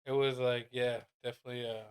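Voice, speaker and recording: Man, mid pitch, smooth clear voice, laid-back, swears freely, casual podcast talk. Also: little pitch movement, quick pace. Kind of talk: casual conversation.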